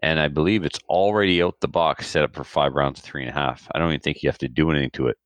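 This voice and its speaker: A man's voice: rumbling low, rapid-fire, no room sound. A man co-hosting a podcast, casually reading out a list of firearm deals and prices. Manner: relaxed, rattles off prices and specs. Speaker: podcast co-host.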